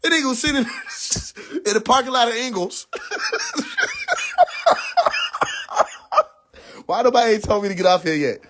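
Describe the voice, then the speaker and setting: A young man hosting a livestream, ranting in a casual, profane way. He speaks, sounds incredulous and animated, and breaks into laughter often. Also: very high-pitched, quick pace, heavy background noise. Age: young adult. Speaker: livestream host. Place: in a car.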